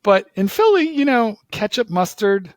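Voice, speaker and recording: A man from Philadelphia tells an animated story in casual conversation, stumbling over repeated "like"s and restarts as he gets going. His voice sits a little on the higher side, and the recording is close and dry, with no room sound. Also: normal speed, no room sound.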